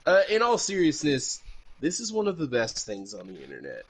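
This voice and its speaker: A man's voice: on the high side, huge pitch swings, moderate pace, noisy background. A man from El Paso hosting a podcast in casual, rambling chat, with jokes and swearing. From El Paso, Texas. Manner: rambling, profane, jokey. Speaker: podcast host.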